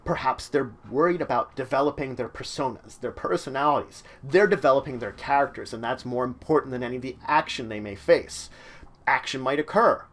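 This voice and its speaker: A bit bright, his mid-range voice carries a casual how-to chat on his own channel. The man offers game-mastering pointers loosely, leaning on fillers often.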